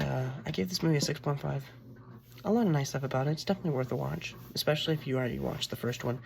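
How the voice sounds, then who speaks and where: A young man with a hoarse voice from being sick, rambling through a casual movie review full of "like" and restarts. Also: mid-range voice, a little hiss or hum.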